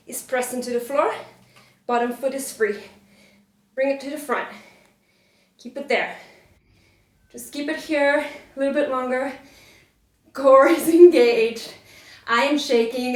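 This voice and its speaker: A woman yoga instructor cueing a workout while doing it, out of breath and encouraging. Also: high-pitched. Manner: encouraging, breathy cues with light laughter. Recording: echoey room.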